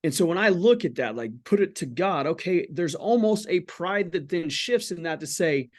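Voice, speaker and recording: A man's voice: high-pitched, animated, moderate pace, few pauses. A man in his forties, a podcast guest, talking candidly about faith in an earnest, blunt way with casual swearing. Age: 40s.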